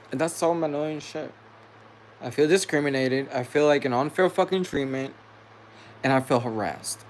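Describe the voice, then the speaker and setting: A man's voice: medium pitch, a little hiss or hum. A man venting to camera in a vlog, angry and profane, repeating himself as he rants. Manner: heated, profane, repetitive venting. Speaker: vlogger.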